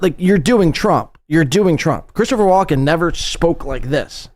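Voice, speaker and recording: Male podcast host, sarcastic, lively pitch, somewhat high voice, dry sound. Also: unhurried, no room sound. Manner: sarcastic, mocking, animated. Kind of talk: casual commentary over clips.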